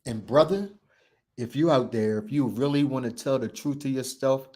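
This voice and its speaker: A man hosting a show, speaking in an impassioned motivational talk with an emphatic, repetitive, preacher-like cadence. He moves between loud declarations and low, hushed passages. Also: normal speed. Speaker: show host.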